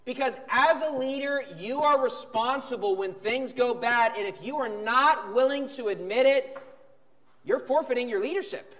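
A man preaching a sermon, emphatic, jumping from sudden shouts to quiet calm. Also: extremely high pitch, normal speed. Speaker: pastor. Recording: long hall reverb.

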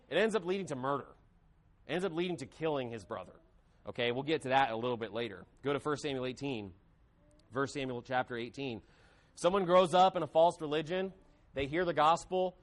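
A man preaching a sermon with emphasis, acting out quoted voices. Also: on the high side. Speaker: pastor.

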